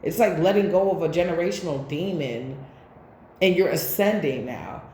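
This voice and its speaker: Woman doing a loose rambly tarot reading, warm mellow voice, kinda echoey room. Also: fairly low pitch, normal speed, a little hiss or hum. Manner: rambling, animated, preachy asides. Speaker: tarot reader. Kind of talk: casual spiritual tarot reading.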